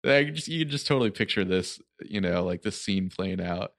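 Co-hosting a book podcast, a man with a low, bright, expressive voice reads passages aloud a little quickly, doing loose, playful voices for the quotes. He laughs often during the casual chat, and the studio sound is clean with no echo.

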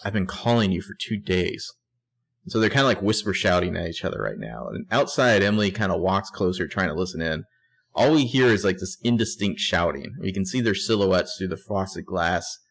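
A man's voice: low-pitched, lively intonation, a little fast, gravelly, fairly bright tone. A man co-hosting a casual TV recap podcast, narrating scenes bluntly and swearing often. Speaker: podcast co-host.

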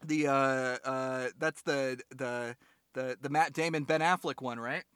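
Jokey young man with a bright voice. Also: mid-range voice, fairly even intonation, measured pace, clean tone, no room sound, clean studio sound. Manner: rambling, jokey, acts out quotes in silly voices. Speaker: podcast co-host. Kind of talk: casual comedic chat.

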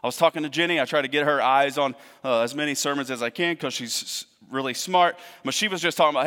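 A man preaching a sermon in a conversational way, swinging between loud emphasis and hushed asides. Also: medium pitch, fast, few pauses, clear, resonant tone, in a large hall. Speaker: pastor.

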